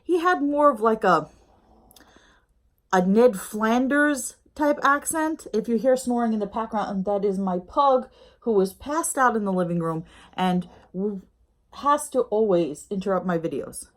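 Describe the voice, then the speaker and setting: A woman's voice: medium pitch, animated, measured pace. Chatty, rambling middle-aged woman. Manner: chatty, rambling, with many fillers. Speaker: YouTube reviewer. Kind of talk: casual review chat. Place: home with a snoring pet dog nearby.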